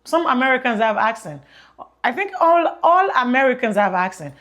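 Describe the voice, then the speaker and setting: Nigerian accent lady, 30s, rambly chatty vlog talk, kinda high voice. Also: sing-song, normal speed, a bit bright. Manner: chatty, rambling, repeats herself. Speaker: vlogger. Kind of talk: casual vlog chat. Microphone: plug-in mic on phone.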